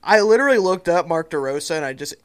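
Blunt guy on a podcast, high lively voice, crowd noise going behind him. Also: fast talker. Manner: blunt, swears freely. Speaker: podcast co-host. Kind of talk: casual chat.

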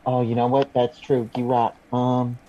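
A man's voice: medium pitch, flat delivery, unhurried, warm tone, a little hiss or hum. A man playing a tabletop game, chatting casually and hesitantly with lots of fillers. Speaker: player. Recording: dull, muffled sound.

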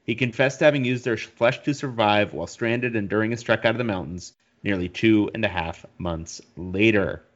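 A man's voice: on the low side, brisk, few pauses, a bit bright, muffled recording. A man co-hosting a podcast in casual chat, reading listener mail and searching things up aloud. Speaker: podcast co-host.

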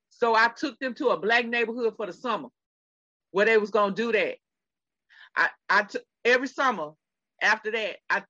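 A middle-aged woman co-hosts a casual podcast chat in a bright, forceful voice. She is emphatic and speaks straight to her listeners. The sound is dry and a little dull. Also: mid-range voice, no room sound. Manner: emphatic, addresses listeners directly. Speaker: podcast co-host.

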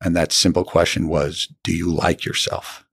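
Deep-voiced man telling his story earnestly. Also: little pitch movement, normal speed, creaky, a bit bright, breathy edge, no echo, studio quality. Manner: earnest, acts out quoted dialogue. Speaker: author and interview guest. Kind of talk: reflective storytelling in an interview.

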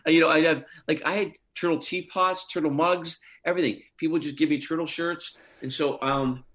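A middle-aged guest actor with a slightly high voice talks a bit fast, telling funny behind-the-scenes stories in a casual, animated way and chuckling often.

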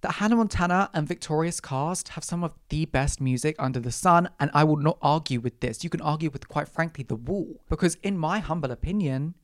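A woman's voice: low voice, a little fast, few pauses, no room sound, studio quality. A young woman hosting a solo podcast, ranting with exaggerated, sweary outrage. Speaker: podcast host. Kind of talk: solo comedic rant.

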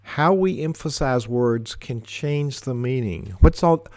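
A man giving a measured talk on leadership, laying out his points one by one with deliberate emphasis. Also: mid-range voice, lively intonation, darkish tone, dry recording. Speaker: leadership speaker.

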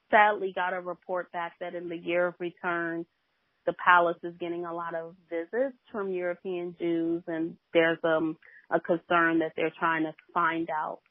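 Woman minister, podcast guest, lower register, halting storytelling, tinny phone-line audio. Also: dry recording. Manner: storytelling, with many hesitations. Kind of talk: faith testimony in a podcast interview.

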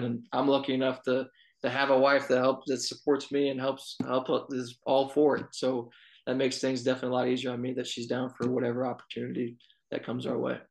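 Young man, quick talker, gravelly voice, level flat delivery, casual interview. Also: mid-range voice, low-quality recording. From Texas. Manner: storytelling, relaxed, many fillers. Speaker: college baseball assistant coach.

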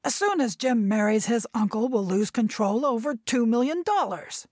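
A domineering grandfather in his nineties lectures with sharp impatience, as a woman reading a novel voices him. He snaps out facts as if no one else can explain them. The sound is dry and close. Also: a little high, animated, normal speed, dry recording. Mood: impatient. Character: irritable very old man, domineering grandfather.

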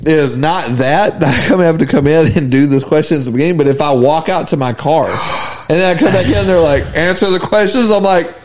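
A man's voice: a little high, a little fast, darkish tone. Laughing man retelling a clip. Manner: laughs often, retells clips with acted quotes. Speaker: podcast co-host. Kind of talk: casual chat.

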